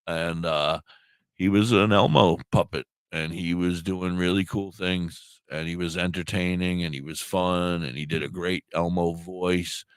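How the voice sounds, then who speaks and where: In this casual storytelling chat, a podcast co-host, a middle-aged man nursing a sore throat, spins a long, meandering tale heavy on cursing and jokes at his own expense. His deep, smooth voice stays steady and unhurried, recorded without echo.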